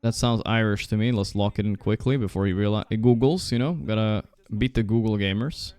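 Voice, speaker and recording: Smooth-voiced, foul-mouthed male streamer. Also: on the low side, brisk, no echo. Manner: chatty, swears often, reacts loudly. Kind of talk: casual live-stream commentary.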